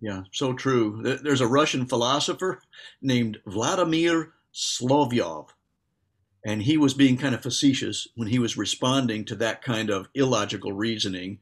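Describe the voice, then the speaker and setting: A man's voice: medium pitch, normal speed. A man co-hosting a casual faith discussion, speaking earnestly and agreeably, explaining his views at length. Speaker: co-host.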